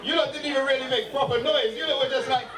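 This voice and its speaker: High-voiced man doing stand-up crowd work. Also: steady tone, fast, very noisy. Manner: teasing, playful with the audience. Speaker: stand-up comedian. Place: comedy club stage. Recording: roomy live club sound from a distance. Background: crowd and music.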